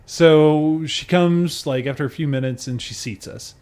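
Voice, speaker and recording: A man's voice: on the high side, unhurried, a little mellow, smooth. A man co-hosting a casual podcast who tells stories with energy, acts out the people he quotes and laughs often. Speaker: podcast co-host.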